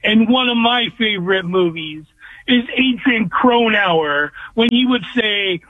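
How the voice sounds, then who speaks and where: A male caller with a very high, husky voice rants bluntly and with emphasis. He comes through a tinny, dry phone line. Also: expressive, measured pace, no room sound. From Orange, California. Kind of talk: phone-in rant.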